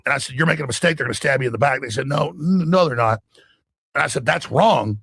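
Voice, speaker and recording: A man with a gravelly, raspy voice delivering an emphatic, excited monologue as a talk show guest. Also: medium pitch, quick pace, no room sound. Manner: emphatic, acts out quoted voices.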